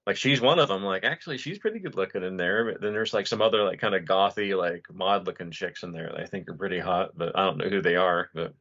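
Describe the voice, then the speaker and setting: A man's voice: deep voice, quick pace, few pauses, a bit bright. A man from the US East Coast co-hosting a podcast, talking bluntly in casual chat with plenty of swearing. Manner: profane, blunt, storytelling. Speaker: podcast co-host. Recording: dull lo-fi sound.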